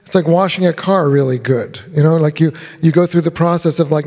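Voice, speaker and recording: On a theater stage during a live festival Q&A, a film director with a fairly high voice tells rambling anecdotes a little fast, barely pausing and acting out the voices of the people he quotes. The hall adds long reverb.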